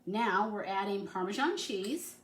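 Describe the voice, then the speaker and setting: A woman's voice: medium pitch, expressive, a little slow. A middle-aged woman hosting a casual cooking demonstration, chatty and enthusiastic as she works in her home kitchen. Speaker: cooking show host. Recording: echoey room.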